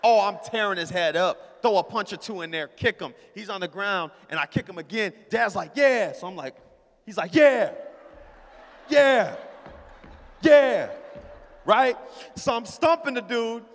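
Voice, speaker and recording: A man with a high voice preaching a storytelling sermon, casual and playful as he calls out to his congregation. His words ring out with a long reverb from the hall around him. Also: brisk, a bit bright. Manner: casual, playful, talks to the crowd. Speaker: pastor.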